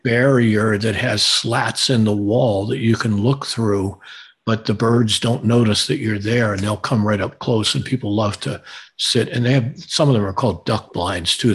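A man's voice: on the low side, slightly rough. An older man answering listener questions as a guest, chatting in a friendly way and chuckling as he explains. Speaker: guest bird recordist. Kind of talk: conversational Q&A.

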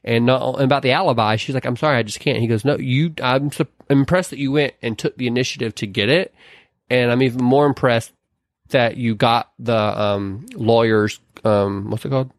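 A young man chats casually as he recaps a film, slipping into exaggerated high voices for the characters. His delivery is animated and playful. The recording is dry and close. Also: normal speed, no echo. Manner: animated retelling, acts out quotes in high voices. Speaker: podcast co-host. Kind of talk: casual movie recap chat.

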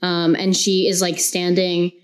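A woman's voice: lowish voice, monotone, a little slow. A woman playing a tabletop game, talking casually with fillers and laughter. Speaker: player. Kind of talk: tabletop role-play chat.

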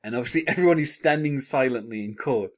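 A man's voice: medium pitch, fast. A man hosting a podcast, chatting enthusiastically about a TV episode, with frequent chuckles and fillers. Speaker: podcast host. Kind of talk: casual TV episode discussion.

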